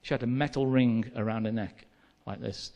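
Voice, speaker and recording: An English preacher with a Midlands accent tells a personal story from the pulpit, speaking conversationally and acting out the dialogue. His voice is mid-range, steady and warm at a moderate pace, though the recording is muffled.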